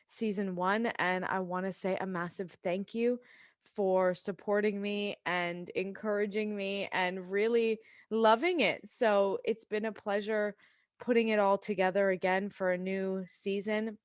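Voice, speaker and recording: A woman's voice: mid-range voice, fairly even intonation, unhurried, clear, resonant tone. A woman with an Australian accent, hosting a podcast and chatting casually through an intro with loose, rambling asides. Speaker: podcast host.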